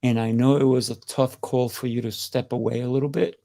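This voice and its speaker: Gravelly man hosting, effusive. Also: medium pitch, steady tone, brisk, warm tone. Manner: effusive, repeats words. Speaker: host. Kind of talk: panel show hosting. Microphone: video call.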